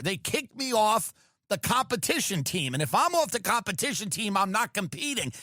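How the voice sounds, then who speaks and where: A male podcast host riffing through a profane, animated comedic rant. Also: sits high, normal speed, dry recording, clean studio sound.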